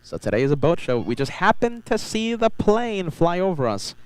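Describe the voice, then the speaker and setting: A man's voice: sits high, very animated, moderate pace, clear, resonant tone, no room sound, low-quality recording. An upbeat man hosts a live stream outdoors at a beach, chatting and repeating his phrases. His voice sits close and dry on the mic. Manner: upbeat, repeats phrases, reads chat aloud. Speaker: livestream host. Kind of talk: live spotting stream commentary.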